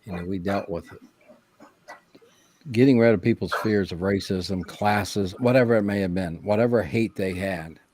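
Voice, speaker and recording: A man telling a story from his working past in a measured, casual way. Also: low voice, darkish tone, a little hiss or hum.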